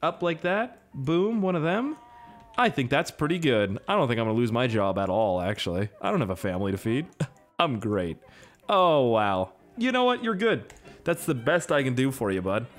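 Young male gamer, casual joking playthrough talk, animated delivery over soft game music. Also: mid-range voice, normal speed. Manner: profane, excitable, jokey. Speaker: gaming YouTuber. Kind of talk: casual gameplay commentary.

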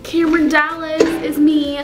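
A woman's voice: sits high, flat delivery, moderate pace, music in the background, pitched above the performer's own voice, close to an everyday voice, low-quality recording. A woman playing a giddy, clueless fangirl. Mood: gushing. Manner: giddy, rambling, gasping fangirl talk. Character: gushing, clueless teenage girl fake fan. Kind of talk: comedy sketch character.

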